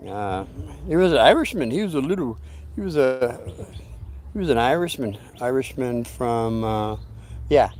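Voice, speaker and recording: A man hosting his own channel, telling a story in a meandering, folksy way, often breaking off into asides. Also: a little high. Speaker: channel host telling stories. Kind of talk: rambling casual storytelling.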